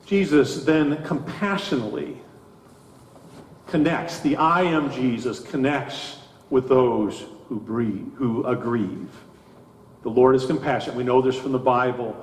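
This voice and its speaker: A man preaching a sermon as pastor, slow and deliberate, with emphatic rises in his delivery. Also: mid-range voice. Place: church sanctuary. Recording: echoey church hall.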